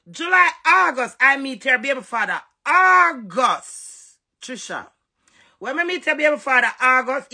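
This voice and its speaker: Jamaican woman, high bright gravelly voice, heated live-stream rant, confrontational and scolding. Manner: confrontational, scolding, repeats and mimics others. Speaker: social media personality on a live stream.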